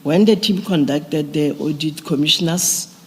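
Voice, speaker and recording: A man, a police general giving deliberate, procedural testimony at a formal hearing. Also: fairly high pitch, a little hiss or hum. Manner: deliberate, procedural, restarts phrases. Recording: long reverb of a large hearing room.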